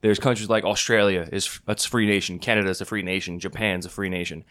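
Loud, argumentative man hosting a podcast. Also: deep voice, steady tone, fast. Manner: loud, argumentative, swears a lot. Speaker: podcast host. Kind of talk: casual chat.

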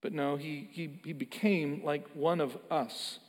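A man's voice: fairly high pitch, steady tone, unhurried. A man preaching a sermon, earnest and emphatic, often repeating words as he builds a point. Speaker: pastor. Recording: long hall reverb.

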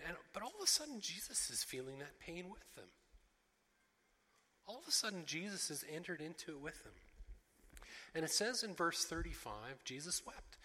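A man delivers a sermon, lively and expressive, slipping into the voices of the characters he retells. His tone is bright and forward, and his words ring out with the long reverb of a large hall. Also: fairly high pitch. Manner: expressive, acting out quoted voices, frequent restarts. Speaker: pastor.

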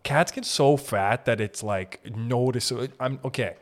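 A man hosting a comedy podcast, riffing loosely and swearing freely. He keeps breaking into giggles and hopping from one bit to the next. His voice sits at an everyday middle pitch. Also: moderate pace. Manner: giggly, profane, jumps between jokes. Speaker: podcast host. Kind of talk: rambling comedic monologue.

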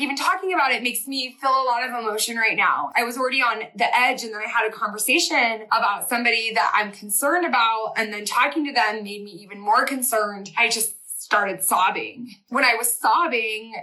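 A woman host and business coach giving a fast, chatty live-stream pep talk and reading viewer comments aloud. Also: on the high side, bright, forceful tone, low-quality recording.

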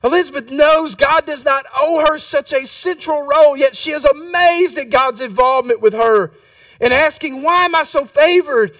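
A man preaching a sermon as a Baptist pastor, repeating his lines and building to fervent shouts. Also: extremely high pitch, normal speed, no echo, recorded from a distance.

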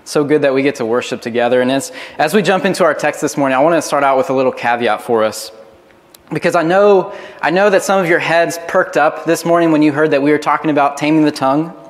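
A man's voice: a little high, fast talker, long reverb tail. A man preaching a sermon as pastor, earnest and often repeating words as he starts a phrase.

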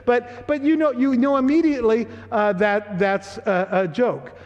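High-voiced pastor in a reverberant hall. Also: male voice, fairly even intonation, a little slow, muffled recording. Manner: conversational, teasing, checks in with the congregation. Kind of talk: sermon. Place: church sanctuary.

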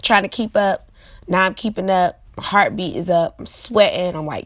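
A woman's voice: lowish voice, normal speed, fairly bright tone, dry recording, clean studio sound. A woman in her late twenties hosting her own vlog, talking straight to viewers in a chatty, casual motivational monologue with lots of fillers. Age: late 20s. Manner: chatty, frequent fillers, talks to viewers directly. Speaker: vlog host.

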